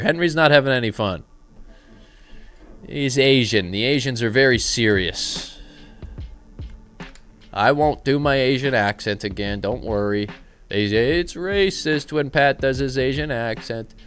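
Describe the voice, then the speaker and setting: Animated man joking on a live stream. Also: medium pitch, measured pace, soft background music. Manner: joking, irreverent banter mixed with trade commentary. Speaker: live-stream trading host. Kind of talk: casual live-stream chat with chat replies.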